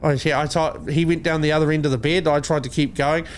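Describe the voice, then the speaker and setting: A man's voice: on the high side, fairly even intonation, fast talker, a little hiss or hum. A man in his thirties with a New Zealand accent, co-hosting a podcast in casual comedy chat, swearing a lot and rambling through jokes. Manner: profane, rambling, jokey. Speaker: podcast co-host.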